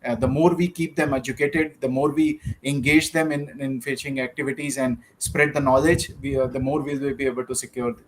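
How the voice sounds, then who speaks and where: A man's voice: medium pitch, fairly even intonation, a little fast, few pauses, slight background noise, poor audio. A man, speaking as a panelist, hesitant and full of "uh"s. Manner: hesitant, many "uh" fillers. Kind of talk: panel discussion.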